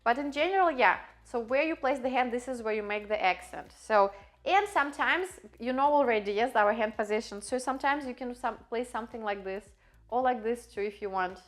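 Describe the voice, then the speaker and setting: A woman's voice: on the high side, fairly quick. Woman coaching poses. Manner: friendly, demonstrating poses, with frequent fillers and laughs. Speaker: pole posing instructor. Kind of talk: casual instructional video.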